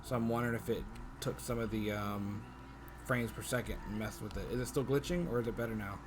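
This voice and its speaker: A man's voice: lowish voice, quick pace, background noise. A man hosting a casual podcast chat over a video call, trading jokes and playful banter. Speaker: podcast host.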